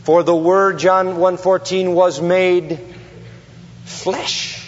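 A man preaches a sermon in a slow, deliberate cadence, hammering key words through repetition and tossing questions out to the congregation. His voice sits a little high for a man. The sound carries a long hall reverb and has a dull, lo-fi quality. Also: flat delivery, slight background noise. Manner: emphatic, rhetorical questions to the congregation, heavy repetition. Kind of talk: expository sermon.

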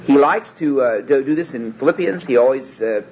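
In a mid-range, slightly mellow voice with lively intonation, a male Bible teacher lectures expository-style at a moderate pace. He presses his points emphatically but hesitates, restarting sentences many times. The recording quality is dull and lo-fi, carrying a faint room hum.

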